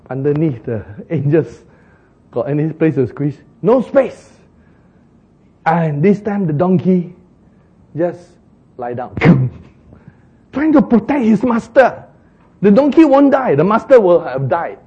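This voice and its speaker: Animated husky preacher retelling a Bible story. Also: male voice, a little high, dull audio. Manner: animated, laughing, acts out the donkey and Balaam in exclaiming voices. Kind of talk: sermon storytelling.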